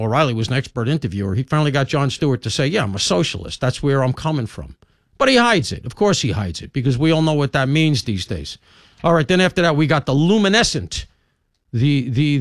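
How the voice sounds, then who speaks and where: A man's voice: fairly high pitch, dry recording, clean studio sound. A man hosting a talk show, delivering a rambling, opinionated monologue full of asides and emphatic jabs.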